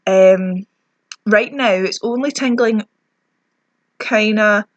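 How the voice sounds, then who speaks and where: A woman's voice: mid-range voice, slow pace, no room sound, muffled recording. Young woman, Scottish accent, ranting review, self-mocking, lips stinging, dry close sound. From Scotland. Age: young adult. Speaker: beauty vlogger. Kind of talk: product review vlog.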